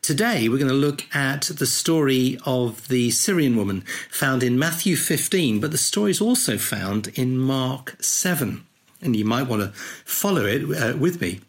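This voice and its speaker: A man with a husky, breathy edge to an otherwise middle-pitched voice leads a podcast Bible study. He moves through the passage conversationally and without hurry, stopping to reflect on each verse as he reads. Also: animated. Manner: thoughtful, unhurried, explaining as he reads.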